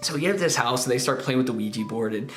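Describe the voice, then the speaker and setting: A man's voice: mid-range voice, racing, a bit bright. A man in his twenties from Spokane telling a childhood story in casual, rambling speech, repeating words and asking "right?" as he goes. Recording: roomy, faint guitar music.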